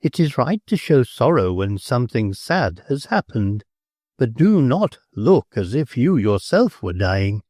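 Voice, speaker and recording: A man's voice: mid-range voice, very animated, measured pace, a little mellow, no echo, clean studio sound. A man voicing a bossy, talkative middle-aged countess who gives fussy commands.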